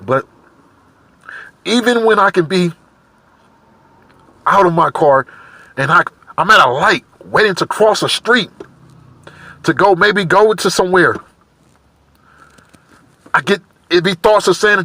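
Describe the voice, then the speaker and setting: An emotional man speaks straight to camera in a halting, repetitive way, circling back to the same words. His voice sits a little high and has a bright, forceful edge. The sound is dry and close. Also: animated, no echo. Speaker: vlogger. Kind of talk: personal confessional monologue.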